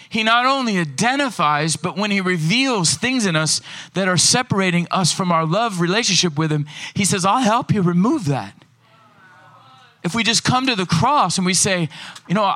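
High, bright-voiced man preaching a sermon. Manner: animated, fast and slow in turns, acts out voices.

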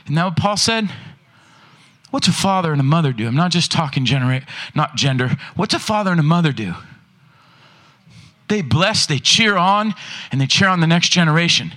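High, bright-voiced preaching man. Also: normal speed. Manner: animated preaching, rhetorical questions to the congregation. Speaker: pastor. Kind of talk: sermon. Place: church.

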